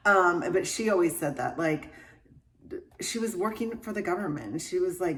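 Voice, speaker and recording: A woman's voice: on the low side, lively intonation, moderate pace. A woman in her fifties with a Southern American accent, chatting and gushing about a book, laughing often. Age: 50s. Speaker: book reviewer. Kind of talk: casual chat.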